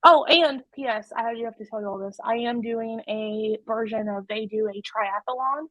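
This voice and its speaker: A woman's voice: on the high side, normal speed, a bit bright, dry recording. A woman presenting to an online audience, talking in a candid, heartfelt way with many restarts. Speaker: webinar presenter. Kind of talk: personal talk to an online audience. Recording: dry, muffled web call audio.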